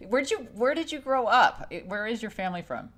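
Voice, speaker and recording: A woman's voice: mid-range voice, big pitch swings, fairly quick, a bit bright. A woman hosting an interview in a casual chat, curious and asking questions with small restarts. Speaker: interview host.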